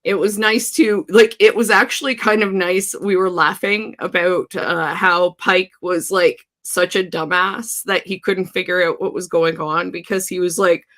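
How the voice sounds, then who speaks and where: A woman co-hosting a casual chat show, animated and laughing often as she acts out quotes. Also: lowish voice, unhurried, few pauses. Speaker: podcast co-host.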